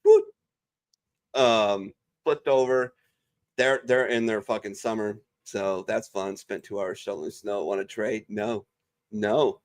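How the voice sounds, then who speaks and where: A man's voice: fairly low pitch, steady tone, slow. A man hosting a casual chat among veterans, loose, joking and heavy on profanity. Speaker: show host.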